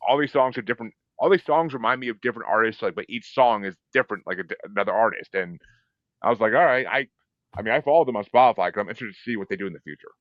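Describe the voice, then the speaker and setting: A man hosting a podcast in casual chat, telling stories in a profane, animated way and acting out his own reactions. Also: on the low side, rapid-fire, no room sound. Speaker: podcast host. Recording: dull, dry lo-fi sound.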